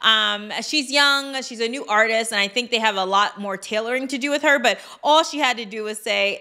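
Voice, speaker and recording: A woman giving casual commentary on a vlog, chatty with quick asides and lots of fillers. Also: a little high, bright, forceful tone, clean tone. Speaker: commentary vlogger.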